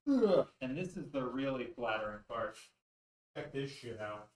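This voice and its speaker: A man's voice: medium pitch, animated, measured pace, a little mellow. A man hosting a casual joking vlog, full of puns and crude asides, while he does weighted exercises. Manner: jokey, punning, crude asides. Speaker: YouTube host. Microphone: camera mic from a distance. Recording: roomy echo, far from the mic, faint noise.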